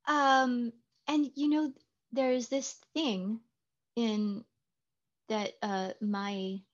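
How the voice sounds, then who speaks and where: A woman's voice: fairly high pitch, little pitch movement, very slow, muffled recording. A woman with a Californian accent, an English pronunciation teacher chatting casually and explaining with examples and jokes. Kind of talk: casual chat.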